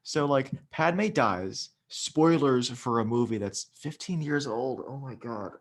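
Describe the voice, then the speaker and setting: A man's voice: medium pitch, expressive, slow pace. A young man co-hosting a casual chat, rambling and restarting his sentences often. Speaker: podcast co-host.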